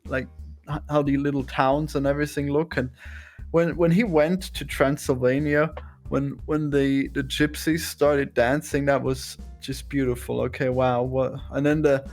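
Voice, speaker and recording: A man's voice: mid-range voice, a little slow, faint music behind. A man co-hosting a film podcast, retelling scenes with lots of restarts. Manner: hesitant, restarts, animated storytelling. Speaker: podcast co-host. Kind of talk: casual chat about a film.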